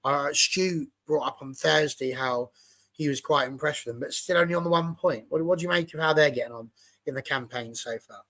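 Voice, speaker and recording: A man's voice: fairly high pitch, a little fast, a bit bright. A man from England hosting a casual football chat show and telling a long story. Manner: storytelling, chatty. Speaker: show host.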